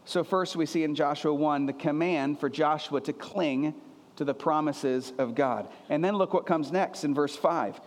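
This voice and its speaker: A man's voice: on the high side, normal speed, big-room sound. A man preaching a sermon as a pastor, earnest and emphatic, often repeating his phrases for weight.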